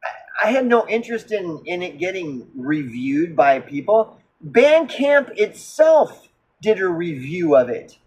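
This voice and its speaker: A man telling a story in a casual monologue, swearing a lot and talking in animated bursts full of fillers and restarts. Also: sits high, a little slow, breathy edge, poor audio. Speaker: musician.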